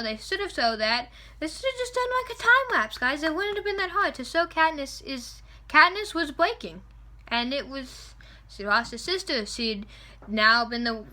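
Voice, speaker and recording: Young female vlogger, high-pitched and bright, excitable and opinionated, recorded close on a camera mic. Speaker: vlogger reviewing a film. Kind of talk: casual chat. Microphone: camera mic at close range.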